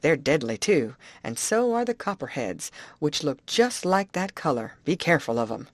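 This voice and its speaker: A man's voice: fairly high pitch, very animated, normal speed, no echo. A woman reading a plainspoken male overseer who talks in a folksy, reassuring way and drops word endings. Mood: matter-of-fact.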